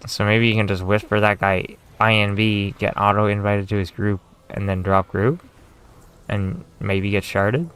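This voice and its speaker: A man's voice: on the low side, steady tone, a little slow, fairly bright tone, clear, resonant tone. A young Canadian man chatting casually while streaming a game, rambling and swearing, laughing at himself. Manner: rambling, profane, self-mocking.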